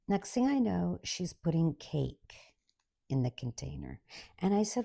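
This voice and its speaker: Low gravelly woman ranting sarcastically. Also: sing-song, measured pace, mellow, no room sound. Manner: exasperated, sarcastic. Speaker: comic storyteller. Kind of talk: comic rant monologue.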